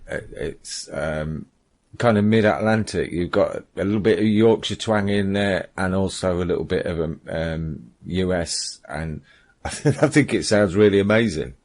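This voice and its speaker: Deep-voiced male co-host, chatty and keen, casual interview. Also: a little mellow. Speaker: podcast co-host.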